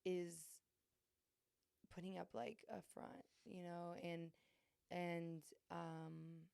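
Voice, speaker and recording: A woman's voice: fairly low pitch, drawn-out words, creaky, a little mellow, clean tone, no room sound. A young adult woman hosting a podcast, talking candidly and earnestly about her struggles, with many fillers and restarts. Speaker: podcast host. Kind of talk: candid confessional chat.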